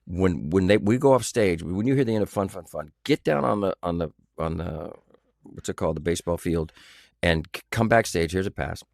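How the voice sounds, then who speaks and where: A low-voiced man in his sixties tells stories in an interview, slipping into quoted voices and humming bits of tunes. The sound is close and dry, with little room in it. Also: brisk, vocal fry, dry recording. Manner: animated anecdotes with sung sounds and quoted voices. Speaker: actor guest. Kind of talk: storytelling interview.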